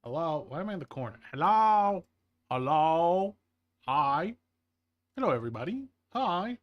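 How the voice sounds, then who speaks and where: A man's voice: fairly high pitch, big pitch swings, unhurried, dull audio. A man chatting casually on a live stream, rambling playfully and talking to his chat and to himself.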